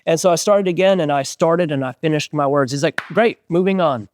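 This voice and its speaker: A man's voice: on the high side, brisk. A middle-aged man in a casual interview, telling a story with lots of fillers and acted-out quotes. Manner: animated storyteller, many fillers, acts out quotes. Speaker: interviewed musician.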